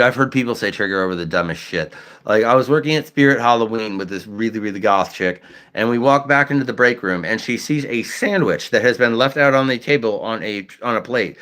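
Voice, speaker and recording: A man's voice: fairly low pitch, a bit bright, clear, resonant tone. A man hosting a casual livestream chat, talking bluntly and with lots of swearing, and stuttering at times. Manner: blunt, profane, ranting. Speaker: livestream host.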